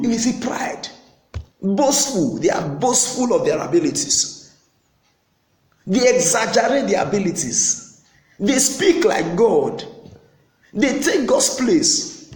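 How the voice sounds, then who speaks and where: High, animated preaching man in echo. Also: a little slow, pauses often. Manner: emphatic preaching with repeated phrases and acted-out quotes. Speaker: pastor. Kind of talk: sermon.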